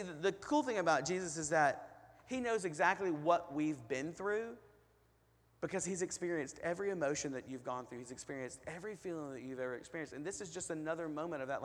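A man preaching a sermon as pastor, in a conversational way, asking the congregation lots of rhetorical questions. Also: fairly high pitch. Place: church hall. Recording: long hall reverb.

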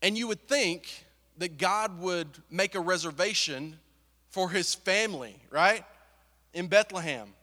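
A man's voice: high voice, unhurried, sharp tone. A young man preaching a sermon as a pastor, conversational and full of rhetorical questions. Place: church hall. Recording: long reverb of a hall.

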